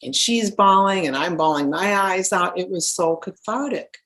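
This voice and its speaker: A middle-aged woman, a spiritual healer, earnestly telling a personal story with animated restarts. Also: medium pitch, normal speed.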